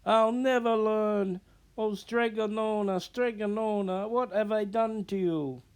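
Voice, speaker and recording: Guy putting on a high wailing clumsy apprentice in a storybook, begging and panicky, way up in pitch. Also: steady tone, a little slow, smooth. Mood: tearful. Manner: frantic, pleading, wailing. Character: clumsy young man disguised as a girl. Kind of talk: storybook read-aloud.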